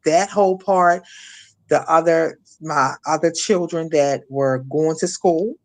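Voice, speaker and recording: A middle-aged woman from Maryland speaking as an interview guest, telling a painful personal story with frequent restarts and fillers. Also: deep voice. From Maryland, USA. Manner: halting, many restarts and fillers. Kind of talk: emotional personal testimony.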